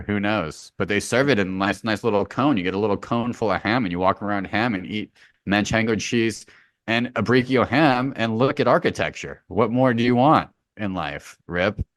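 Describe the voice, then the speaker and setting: Low-voiced joking male podcast host. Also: a bit bright, no echo, studio quality. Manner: joking, rambling, swears freely. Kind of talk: casual sports banter. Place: remote Hawaii.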